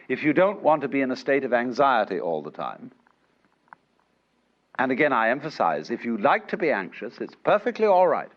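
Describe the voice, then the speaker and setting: A man giving a public lecture in an unhurried, wry way, with chuckles, on an old lo-fi recording from a lecture hall. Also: mid-range voice. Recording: dull lo-fi archive lecture recording.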